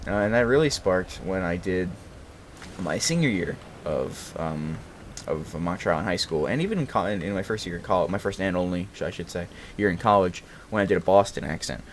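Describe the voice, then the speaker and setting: Host, twenties, from Brooklyn, New York; low-pitched, rambling casual chat with swearing and self-corrections. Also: male voice, lively intonation, a little fast, a little hiss or hum. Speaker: channel host.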